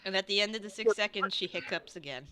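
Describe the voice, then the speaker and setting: A woman running a tabletop game as game master, chatty and quick to laugh. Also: medium pitch, very noisy. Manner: chatty, laughs often, frequent restarts.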